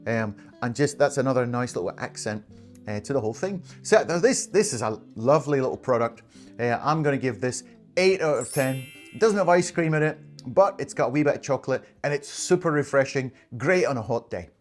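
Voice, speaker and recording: A man's voice: medium pitch, expressive, brisk, faint music behind. A man with an everyday mid-range voice, talking through a snack taste test in a loose, enthusiastic way. He chuckles often and keeps the chat light and friendly. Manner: enthusiastic, chatty, laughs often. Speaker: food vlogger. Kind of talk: casual taste-test review.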